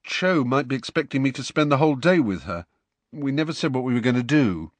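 A fed-up, defensive teenage schoolboy from a storybook reading, as a man puts him on. He sounds flat and irritable, a little higher than the reader's own husky voice. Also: a little fast, no echo, natural voice. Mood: uncertain. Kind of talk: audiobook character reading.

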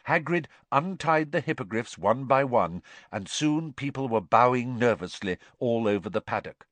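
A man giving expressive, scripted storybook narration at a close mic. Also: medium pitch, normal speed, no room sound. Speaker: audiobook narrator.

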